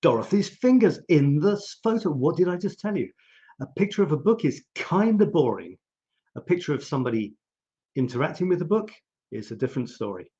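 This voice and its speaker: Chatty and reflective, the host of a live photography show thinks out loud and addresses his viewers head-on. His mid-range voice is mellow, and the recording has its highs cut off.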